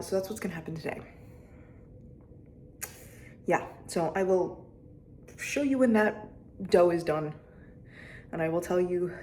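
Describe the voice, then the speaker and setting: A woman's voice: on the low side, a little mellow, a little hiss or hum. A young woman chatting casually to camera in a rambling, self-deprecating way while she goes about her day at home. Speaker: vlogger. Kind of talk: casual vlog chat.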